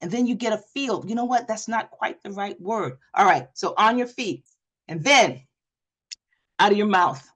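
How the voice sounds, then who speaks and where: Energetic woman coaching a live online class. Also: mid-range voice, normal speed. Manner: energetic, talks straight to the audience with repeated questions. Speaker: presentation coach. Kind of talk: live online workshop talk. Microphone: video call.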